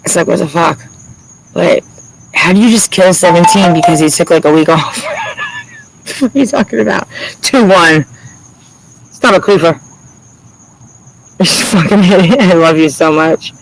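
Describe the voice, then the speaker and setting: A man talks loosely to his online viewers, his voice a touch high and rough with fry. He swears freely, rambles and breaks into laughter often. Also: normal speed, pauses often, slight background noise, low-quality recording. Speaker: livestreamer. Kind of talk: casual livestream chat.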